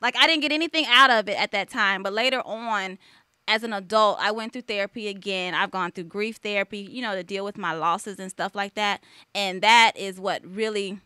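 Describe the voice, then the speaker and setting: A woman's voice: mid-range voice, moderate pace, pushed and bright, smooth, dry recording, studio quality. A woman hosting a talk radio show, telling personal stories candidly in a casual chat. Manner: candid, emotional personal storytelling. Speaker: host. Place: studio.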